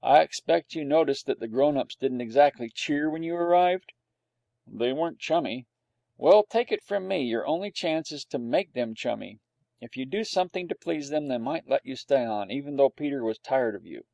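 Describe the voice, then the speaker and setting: Brief: man playing a gravelly, mellow terrier, knowing and brash, storybook. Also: medium pitch, dry recording, muffled recording. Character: young male boy-doted terrier, streetwise and blunt.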